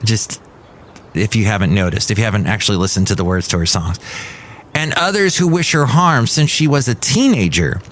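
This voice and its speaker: A man's voice: fairly low pitch, animated, brisk, a bit bright, a little hiss or hum. A man hosting his own podcast, talking through the week's news in a rambling, wry, opinionated way. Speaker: podcast host. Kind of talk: casual solo podcast monologue.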